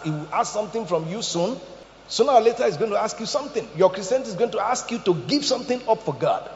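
A man preaching a sermon as pastor, emphatic and joking, swinging between loud bursts and quiet asides. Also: high-pitched, slight background noise. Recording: echoey hall, slightly dull sound.

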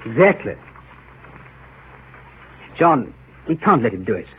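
An actor playing a quick-witted young gentleman nephew, speaking in a brisk, clipped way in an old radio drama. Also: mid-range voice, sing-song. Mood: urgent. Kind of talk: 1930s radio drama acting. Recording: narrow phone-like old radio broadcast with faint hiss.

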